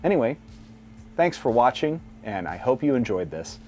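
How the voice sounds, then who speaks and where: A man's voice: medium pitch, sing-song, normal speed, darkish tone. Guy doing a snarky video essay, voice jumps all over the place, kinda mocking. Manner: sardonic, mocking asides. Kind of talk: scripted commentary video essay.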